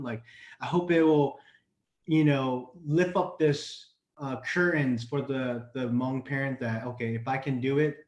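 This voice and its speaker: Young male actor, video call guest, earnest and halting, echoey room. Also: mid-range voice, darkish tone. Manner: earnest, halting with many restarts. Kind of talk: casual video call interview. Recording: roomy echo on a video call.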